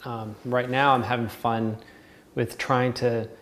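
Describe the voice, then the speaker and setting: Relaxed Southern man chatting while painting. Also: medium pitch, slow pace. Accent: Southern American. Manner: relaxed, rambling, laughs often. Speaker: painting instructor. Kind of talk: casual chat while painting.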